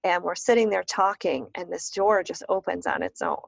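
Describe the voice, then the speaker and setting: A woman's voice: fairly low pitch, normal speed, gravelly, slightly rough, dry recording. A woman guest telling a story in casual conversation, acting out the voices of the people she quotes. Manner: animated, acts out quoted voices. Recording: dull lo-fi dry recording.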